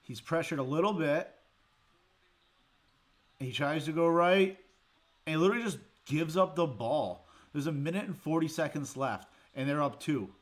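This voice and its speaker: A man hosting a sports show, breaking down a game in a heated, exasperated rant with sarcastic jabs. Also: on the high side. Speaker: sports podcast host.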